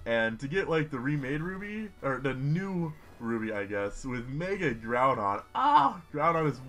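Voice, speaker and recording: A young man giving rambling, excitable commentary while playing a video game. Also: mid-range voice, measured pace. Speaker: gaming YouTuber. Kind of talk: casual Let's Play commentary.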